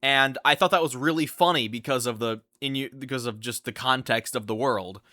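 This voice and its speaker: A young man telling a storytime vlog in an animated, incredulous way, often restarting his sentences. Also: mid-range voice, a little fast, dry recording, clean studio sound. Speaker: vlogger.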